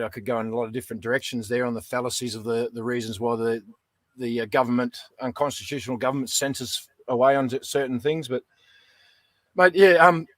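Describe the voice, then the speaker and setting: A man's voice: medium pitch, fairly bright tone, no room sound. A middle-aged Australian man, a veteran guest in a casual interview, talking bluntly and calling everyone "mate". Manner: blunt, folksy, peppered with "mate".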